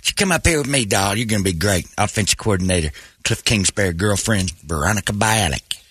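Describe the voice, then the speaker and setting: A man doing a smarmy billionaire who oils his way through a flirtatious pitch, lower than a usual talker, with a bright, slightly husky edge. The pitch swings widely as he wheedles and coaxes, on a dry, close mic. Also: lively intonation, fairly quick, dry recording. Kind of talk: comic bit on morning radio.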